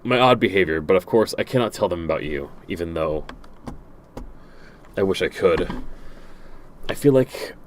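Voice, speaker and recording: Low-voiced man reading game letters aloud. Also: animated, moderate pace, long pauses, a little hiss or hum. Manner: stumbling, self-correcting reading with dry asides. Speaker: game streamer.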